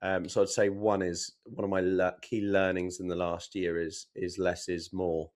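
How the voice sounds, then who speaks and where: A man co-hosting a podcast, explaining his business approach in a measured, casual way. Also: deep voice, flat delivery, darkish tone. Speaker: podcast co-host, property developer.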